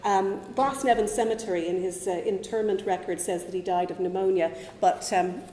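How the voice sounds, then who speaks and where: Lady giving a rambly history talk, kinda high mellow voice, roomy echo, faint room noise behind. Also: steady tone, fairly quick. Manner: chatty, digressive, with asides. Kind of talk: public lecture.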